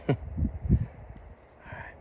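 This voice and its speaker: A man filming an unedited phone vlog outdoors by the water, nervous and swearing, talking soothingly to trapped birds while he frees them. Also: extremely slow. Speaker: vlogger. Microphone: phone held while working. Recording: distant phone mic, loud outdoor noise.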